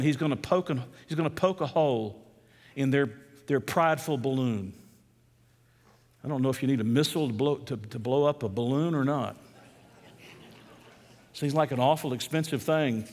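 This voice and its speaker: Male pastor, sermon delivery, emphatic with rhetorical questions, slightly high voice, long hall reverb. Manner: emphatic, rhetorical questions, swings from loud to hushed.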